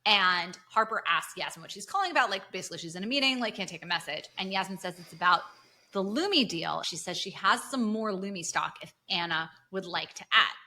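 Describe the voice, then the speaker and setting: A woman's voice: mid-range voice, fairly quick. A woman co-hosting a podcast, recapping a TV episode in casual chat and acting out the characters' lines. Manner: animated, acts out quoted dialogue. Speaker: podcast co-host.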